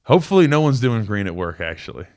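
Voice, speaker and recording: A man's voice: mid-range voice, very animated, quick pace, darkish tone. Rambling young man hosting a call-in show. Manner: casual, rambling storyteller with many fillers. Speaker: show host, former college football player. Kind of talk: live call-in sports talk.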